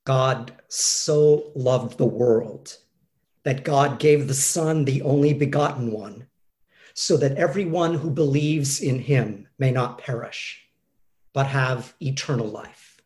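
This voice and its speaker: A man reading a scripture verse in a slow, solemn way. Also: mid-range voice, a little mellow.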